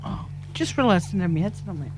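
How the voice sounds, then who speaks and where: A woman's voice: fairly low pitch, expressive, racing, noisy background. A young woman co-hosting a radio show, chatty and teasing. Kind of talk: casual chat. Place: small radio studio.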